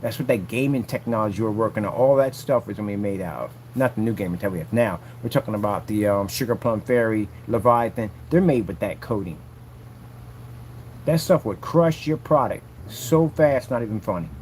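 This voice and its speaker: A man's voice: fairly low pitch, brisk, a little mellow, slight background noise. A man vlogging casually from a work site, taunting a rival in a boastful, repetitive way. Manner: taunting, boastful, repeats himself. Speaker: vlogger selling projection screen paint.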